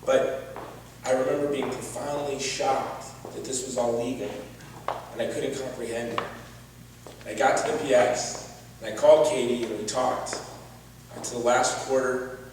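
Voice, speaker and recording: A man's voice: medium pitch, steady tone, moderate pace, pauses often, background noise. A man giving an earnest personal testimony as a gala speaker, with touches of wry humor. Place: large event hall. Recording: distant echoey hall recording.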